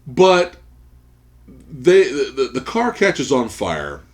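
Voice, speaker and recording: Animated, swearing man on a podcast. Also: medium pitch, slow. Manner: profane, animated storyteller, laughs often. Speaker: podcast co-host. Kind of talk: casual chat.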